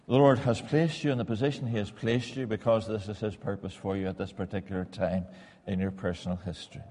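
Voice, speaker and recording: A man's voice: fairly low pitch, warm tone, long reverb tail. A middle-aged man preaching a sermon in a church, earnest and repeating key lines for emphasis.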